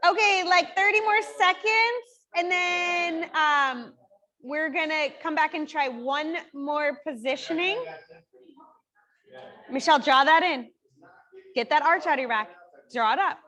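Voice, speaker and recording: A woman physical therapist runs a group exercise workshop in a fitness studio, her high voice pushed and bright, unhurried, with long pauses. Her coaching cues are upbeat and chatty, sprinkled with plenty of "like" and "right?".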